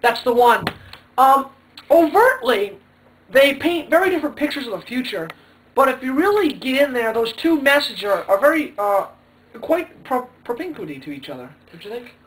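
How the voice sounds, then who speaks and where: A man's voice: very high voice, sing-song, moderate pace, a bit bright. A young man hosting a mock talk show, hammy and sarcastic with filler hesitations. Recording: distant mic.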